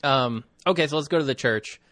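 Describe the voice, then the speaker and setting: A man's voice: medium pitch, brisk, a bit bright, no echo. Easygoing man with a middle voice. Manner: easygoing, hesitant with fillers. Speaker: podcast co-host. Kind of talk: casual chat.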